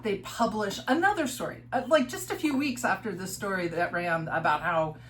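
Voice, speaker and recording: A woman's voice: medium pitch, moderate pace, a little hiss or hum, low-quality recording. Woman telling a history story. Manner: lively storyteller, poses questions to her co-host. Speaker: podcast co-host. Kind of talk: casual storytelling chat.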